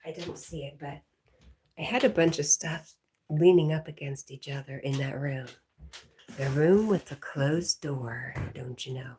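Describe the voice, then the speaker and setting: A woman hosting a casual livestream, reading viewer comments aloud, talking to her dog and often dropping to a soft whisper. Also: low voice, unhurried, background noise. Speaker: livestream host.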